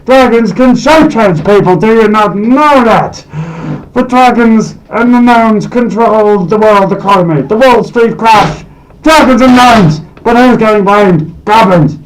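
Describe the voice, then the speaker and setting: A man playing a paranoid goblin who hosts a comedy web series, ranting in a frantic, conspiratorial way that swings from muttering to shouting. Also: high-pitched, a little slow, low-quality recording. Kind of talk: scripted comedic rant to camera.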